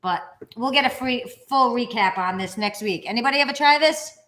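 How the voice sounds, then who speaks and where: A woman with a fairly high voice speaks briskly as co-host of a casual vlog. She's animated, telling stories and acting out the people in them in a raised voice, and the room sounds echoey.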